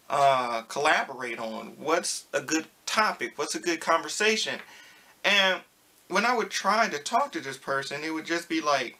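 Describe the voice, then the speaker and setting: A young man talking casually to his viewers in a vlog, telling a story and acting out the back-and-forth of a conversation. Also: a little high. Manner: animated storytelling, acts out quoted exchanges. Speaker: vlogger.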